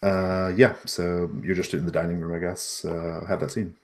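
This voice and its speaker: A man narrating a tabletop game as game master, relaxed and hesitant with many fillers. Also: sits low, moderate pace.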